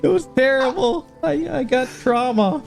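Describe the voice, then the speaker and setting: A man streaming a game and chatting with friends, excitable, yelping and pleading when his character is in danger. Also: extremely high pitch, a little slow, gravelly, soft background music. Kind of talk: casual let's play chat.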